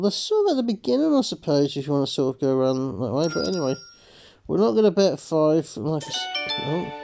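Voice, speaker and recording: Gravelly man rambling through game commentary. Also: on the high side, warm tone, poor audio. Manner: rambling, heavy use of "sort of" fillers; addresses viewers as folks. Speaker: host of slot game videos. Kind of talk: casual gameplay commentary.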